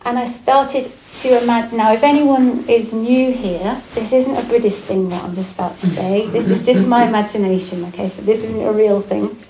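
A woman giving a Buddhist dharma talk, gentle and reflective, with frequent pauses and fillers. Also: on the high side, fairly even intonation, a little hiss or hum. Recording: echoey room with faint ambience.

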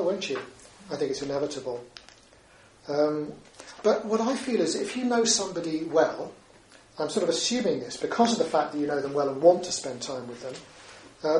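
Man, dharma talk, slightly high voice, chatty with tag questions, distant mic, echoey room, faint background hum. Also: a little mellow. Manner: conversational, with frequent tag questions. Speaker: Buddhist teacher. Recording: roomy echo, distant mic, faint ambience.

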